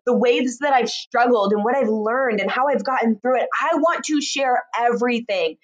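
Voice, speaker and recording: A woman's voice: fairly high pitch, normal speed, dull audio. A woman coach giving an earnest, heartfelt morning motivational talk, chatty and laughing now and then. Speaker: life and relationship coach.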